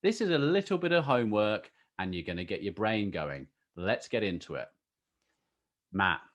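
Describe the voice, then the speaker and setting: A man's voice: fairly low pitch, normal speed. A man hosting a podcast in casual, teasing chat. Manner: playful, teasing, animated. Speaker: podcast host.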